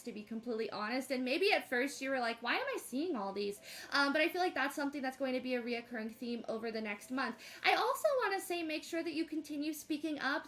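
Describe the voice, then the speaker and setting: A woman's voice: sits high, a bit bright. A woman giving tarot readings on a casual livestream, gushing and affectionate as she greets viewers. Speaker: tarot reader streaming live.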